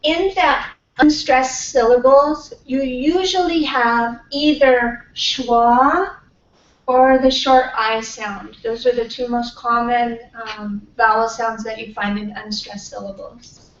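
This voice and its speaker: A woman's voice: a little high, fairly even intonation, a little hiss or hum. Lady prof teaching pronunciation, stretches out sounds, muffled far-off room mic. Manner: patient, drawn-out modelling of sounds. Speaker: pronunciation professor. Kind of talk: classroom lecture. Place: classroom. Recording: far-off, echoey, dull classroom recording.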